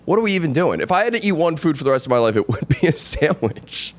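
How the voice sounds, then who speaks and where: A man co-hosting a casual comedy podcast, excitable and rambling, poking fun at himself. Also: fairly high pitch, quick pace. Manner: excitable, rambling, self-mocking. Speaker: podcast co-host.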